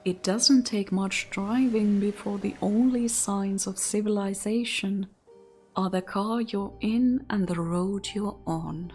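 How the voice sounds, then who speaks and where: Slow-talking woman playing a visual novel. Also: medium pitch, darkish tone. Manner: whispers the story narration, chatty asides. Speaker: gaming channel host. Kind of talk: game commentary and reading a visual novel aloud.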